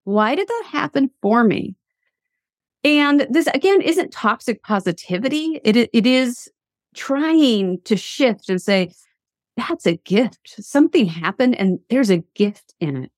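A middle-aged woman, a coach and university teacher, tells a story in a motivational talk with lively asides and restarts. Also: on the high side, unhurried, no room sound, studio quality.

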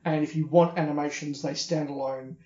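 Australian man, fairly high voice, casual podcast chat, opinionated, echoey dull room recording. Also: steady tone, a little fast, dark tone. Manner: chatty, opinionated, repeats words when starting. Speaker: podcast co-host. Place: hotel room.

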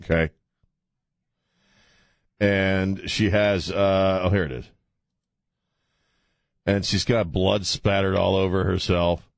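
A man's voice: deep voice, level tone, slow pace, gravelly, long pauses, no echo. A man hosting call-in talk radio from a studio, with mocking, irreverent banter and frequent laughs. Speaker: radio talk show host. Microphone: studio microphone.

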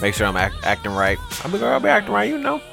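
A man co-hosting a casual podcast, talking in laid-back slang with low mumbled asides and laughter. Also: wildly swooping pitch, racing, vocal fry, over music. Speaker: podcast co-host.

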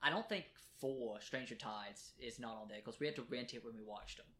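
A man's voice: mid-range voice, brisk, bright, forceful tone. A man co-hosting a podcast in casual chat, playful and teasing, and he gets worked up about anime. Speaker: podcast co-host.

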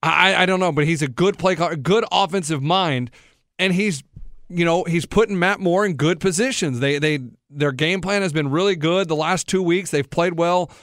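Sports radio host, man, high voice, blunt debater, dry studio sound. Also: normal speed, fairly bright tone, no room sound. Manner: argumentative, blunt.

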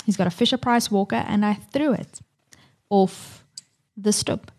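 A woman's voice: mid-range voice, a little slow, a little mellow. A woman in her thirties co-hosting a podcast, talking candidly and swearing freely about family life. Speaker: podcast co-host. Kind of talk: casual chat.

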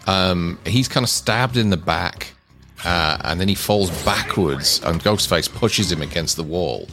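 A man co-hosting a casual film review chat, relaxed and hesitant with frequent ums. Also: low voice, unhurried. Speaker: podcast co-host. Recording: faint synth music behind.

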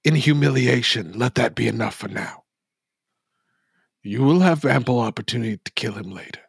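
A man voicing a calm character in a tabletop game, speaking in a low, hushed, persuasive way. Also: moderate pace, creaky, breathy edge, dry recording, studio quality. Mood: soothing. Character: calm scheming man, soothing.

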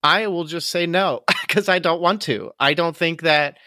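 A man's voice: on the high side, measured pace, bright, forceful tone, no echo, clean studio sound. A man co-hosting a podcast in casual chat, laughing often and talking with emotion. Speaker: podcast co-host.

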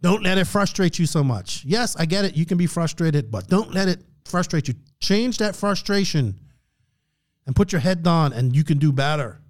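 A man's voice: on the high side, expressive, normal speed. Man giving a preachy motivational rant. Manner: preachy, motivational, frequent throat clearing. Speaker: podcast host. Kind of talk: casual podcast rant.

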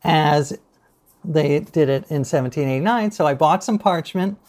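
A middle-aged man telling anecdotes as a podcast guest, animated, laughing easily and acting out what people said. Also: fairly high pitch, moderate pace. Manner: animated storyteller, laughs often, acts out quotes. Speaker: guest author. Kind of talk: casual podcast interview.

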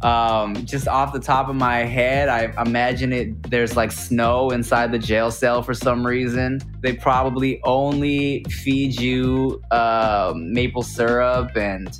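A man telling a comic travel anecdote, animated and acting out the dialogue. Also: mid-range voice, takes it slowly, hardly any pauses, over music. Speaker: guest storyteller.

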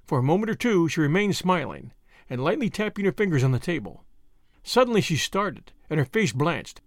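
A man reading a story aloud as the host of a podcast of readings. His voice is slightly high and moves with lively expression. The recording is close and dry, with no room sound. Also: brisk, no echo. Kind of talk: audiobook narration.

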